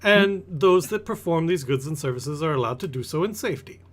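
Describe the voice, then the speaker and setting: A man's voice: a little high, animated, a little fast, a bit bright, voice pushed up. A man voicing a haughty male merchant prince in a tabletop game, smug and pompous.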